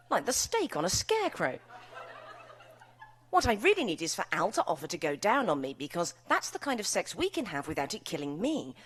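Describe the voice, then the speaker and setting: A British woman author speaking at a live event, then reading her novel aloud with wry, bawdy comic delivery. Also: lowish voice. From United Kingdom. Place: live event before an audience.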